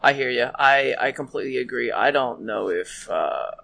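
A man's voice: mid-range voice, expressive, gravelly, sharp tone. A man co-hosting a podcast in casual chat, mostly giving short reactions and cutting in with questions. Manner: short reactions and quick interjections. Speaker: podcast co-host.

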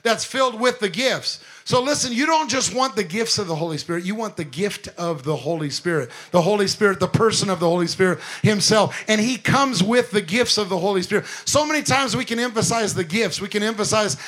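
A man preaching a sermon, animated, full of quick asides and rhetorical questions to the congregation. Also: sits high. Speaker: pastor.

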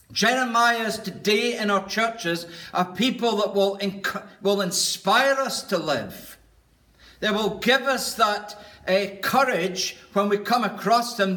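A man preaching a sermon in an earnest, deliberate way, lingering on each word of a list. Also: high voice, animated, sharp tone.

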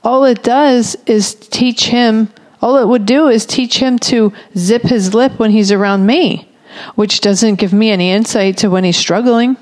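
A woman in her forties giving a reflective talk on parenting, speaking slowly and deliberately and repeating phrases for emphasis. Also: fairly high pitch, steady tone, darkish tone.

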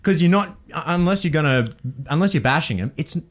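A man's voice: a little high, fast talker. An Australian man co-hosting a casual sports podcast, ranting and telling stories with plenty of swearing. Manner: ranting, swears freely, animated storytelling. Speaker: podcast co-host.

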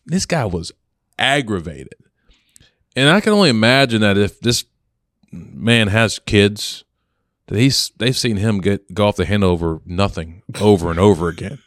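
A man co-hosting a podcast, relaxed and anecdotal, telling a story and acting out what people said. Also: fairly low pitch, normal speed, no room sound, studio quality. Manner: relaxed, anecdotal, acts out quotes. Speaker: podcast co-host. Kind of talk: casual storytelling.

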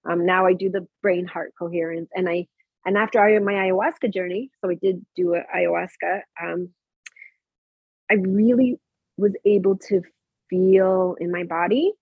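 Speaking at a moderate pace in a low, steady voice with a breathy edge, this woman chats about her own spiritual experiences as a guest. She's of Mexican heritage, based in Canada, and her storytelling wanders with frequent fillers and false starts, captured on a dry, tinny, phone-like recording.

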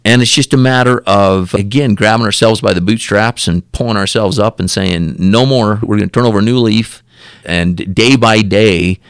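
A man's voice: on the low side, moderate pace, clean tone, no room sound, studio quality. A man, a podcast guest, telling a story and acting out the dialogue in it, often repeating and restarting words.

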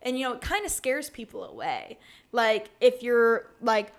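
A woman's voice: fairly high pitch, very animated, normal speed. Chatty young woman podcast host. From USA. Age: 20s. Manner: earnest and chatty, many likes and restarts. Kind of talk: casual solo podcast talk.

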